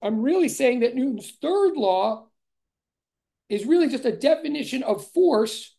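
A man, a physics professor, giving an animated conceptual lecture to an online class, thinking aloud with frequent restarts and dry sarcastic asides. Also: very high-pitched, unhurried, creaky. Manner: emphatic, stressing ideas with repeated "really".

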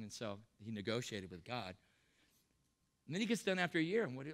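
A pastor preaching a sermon in a church, talking casually and humorously to the congregation. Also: male voice, high voice, very animated, bright, forceful tone. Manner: humorous, conversational preaching, acts out Bible characters in quick voices.

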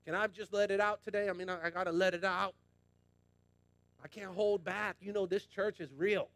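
Male pastor, high voice, passionate colloquial sermon, dry close sound. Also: steady tone, moderate pace, a bit bright, dry recording. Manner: passionate, emphatic preaching with repetition; colloquial, addresses congregation as y'all.

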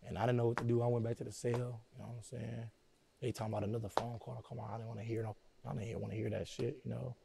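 A middle-aged man, an interview guest, telling a personal story slowly and quietly, often saying "you know what I'm saying". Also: mid-range voice, level tone, gravelly, very noisy.

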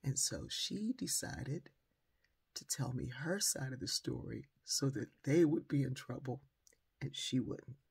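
Gravelly, husky older woman telling a story. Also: a bass voice, a little slow. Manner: animated storyteller, acts out the voices in her stories. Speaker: motivational speaker. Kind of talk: storytelling motivational talk.

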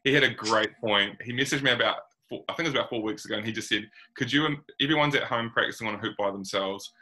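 A man's voice: lowish voice, fast, bright, forceful tone, poor audio. A New Zealand man hosting a casual basketball chat, rambling and laid-back with plenty of slang. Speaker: podcast host.

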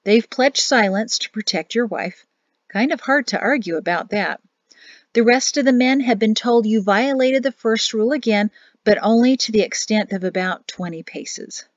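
A woman's voice: a little high, normal speed, dry recording, close to an everyday voice. A woman reading an earnest, respectful young male lieutenant in an audiobook. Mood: reporting. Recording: dull dry home recording.

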